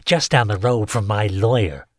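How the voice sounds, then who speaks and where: A man's voice: lowish voice, moderate pace, no room sound, studio quality, natural voice. A man voicing a weary, defiant human landlord who sighs and dodges questions. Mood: smug. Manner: sighing, evasive, cocky.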